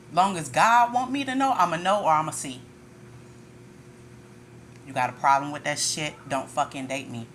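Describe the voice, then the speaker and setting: A woman's voice: deep voice, fairly bright tone, a little hiss or hum. A woman tarot reader ranting in a casual monologue, blunt and profane, with frequent laughter.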